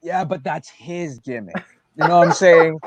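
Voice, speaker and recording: A man who is a pro wrestler, co-hosting a casual livestream chat over a video call, excitable and animated. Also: fairly high pitch, moderate pace, noisy background. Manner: excitable, animated, jumps between loud and soft.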